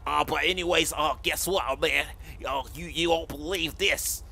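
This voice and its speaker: A man's voice: fairly high pitch, steady tone, unhurried, gravelly, sharp tone, heavily acted. A man voicing a laid-back, dim young rapper who drawls and hesitates with many uhs. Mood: sluggish.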